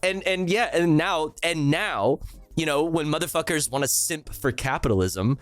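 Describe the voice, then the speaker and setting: A man's voice: fairly high pitch, normal speed, no echo. A male streamer ranting sarcastically and with heavy profanity while reacting live to a news clip.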